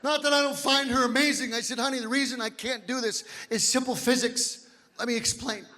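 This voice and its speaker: A man in his fifties performing a stand-up comedy set, telling stories loudly and physically and shouting his punchlines. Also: very high voice, fairly even intonation, a little fast. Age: 50s. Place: comedy club stage. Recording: live hall reverb with faint noise. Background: audience laughter.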